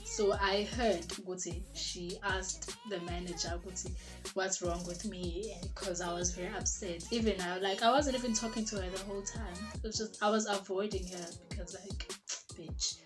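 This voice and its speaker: A woman's voice: medium pitch, steady tone, normal speed. A young woman from South Africa with a South African accent, telling a personal story in casual storytime style and slipping Zulu words into her English. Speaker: vlogger. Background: background music.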